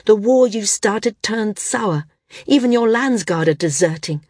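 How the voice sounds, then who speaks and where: A woman's voice: mid-range voice, lively intonation, a little slow, darkish tone, no room sound, studio quality, pitched above the performer's own voice. A woman voicing a resolute woman flyer who speaks firmly and commandingly. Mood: forceful. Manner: firm, commanding.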